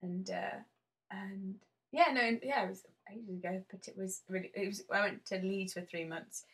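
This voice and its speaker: A woman's voice: medium pitch, moderate pace, a bit bright. A young woman, an actress, chatting casually in an interview, rambling and self-mocking with many fillers and restarts. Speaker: actress guest.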